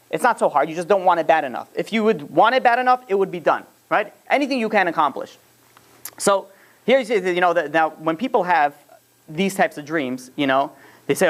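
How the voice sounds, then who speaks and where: A man's voice: high-pitched, lively intonation, a little fast. A man teaching an informal religious lesson, rambling and often restarting his phrases.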